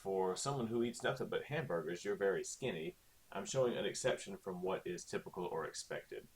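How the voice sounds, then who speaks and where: Male teacher, low voice with lively swings, chatty and explanatory, recorded at a desk. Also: a little fast. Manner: chatty, explains with frequent "okay?" checks. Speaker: Spanish teacher. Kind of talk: recorded online lesson.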